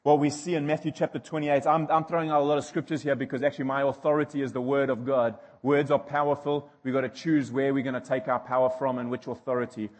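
A man's voice: mid-range voice, little pitch movement, fast, hardly any pauses, a little mellow, big-room sound. A male preacher delivering a sermon, emphatic and repeating key phrases as he builds intensity.

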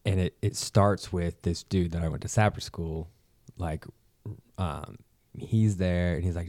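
A young American man with a very deep, mellow voice rambles through casual, profane chat and pokes fun at himself. The recording is dry and close. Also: steady tone, a little slow, no echo. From United States. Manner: rambling, profane, self-mocking.

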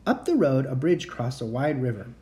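At home, a reader with a mellow, dark voice takes a children's chapter book aloud at normal speed. Their pitch moves in big swings throughout, broken by the odd slip and restart.

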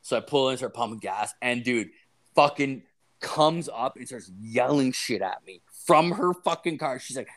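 A man's voice: medium pitch, moderate pace. A young man telling a story in casual chat, swearing constantly and full of fillers. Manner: crude, swearing constantly, filler-heavy, animated retelling.

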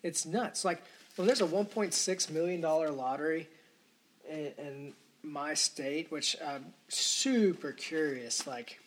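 Slight background noise sits behind a podcast host with a high-ish voice who talks slowly. He rambles through an indignant solo rant thick with profanity.

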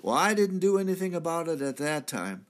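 A man's voice: a little high, very animated, brisk. A man playing a repentant thief from the crucifixion, telling his story earnestly in a church drama monologue. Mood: moved. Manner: earnest storytelling, swelling to cries at key moments. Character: repentant male thief, crucified, now redeemed.

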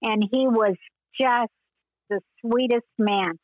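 An older woman and former child actress, telling stories in an interview with meandering pauses and frequent laughs. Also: a little high, no echo, lo-fi sound. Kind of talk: reminiscing interview.

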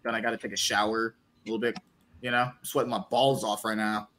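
A man's voice: fairly low pitch, little pitch movement, fast, sharp tone. A man hosting a podcast, chatting crudely and rambling as he wraps up the show. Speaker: podcast host. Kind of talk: casual crude podcast chat.

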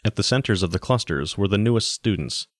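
A man narrates a story in a steady, even audiobook style. His voice is very low, and the close recording sounds dry with no room echo. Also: brisk.

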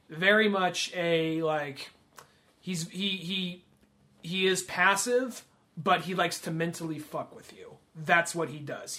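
A man with a high-pitched voice chats on a podcast about films, animatedly retelling scenes and jumping into the characters' lines. His delivery is loose and conversational, full of fillers and restarts. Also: pushed and bright. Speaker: podcast co-host. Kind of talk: casual film discussion.

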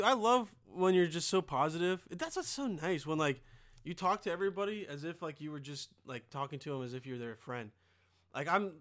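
A young podcast host with a fairly high, fairly bright voice delivers a casual monologue. He rambles and jokes, swearing a great deal.

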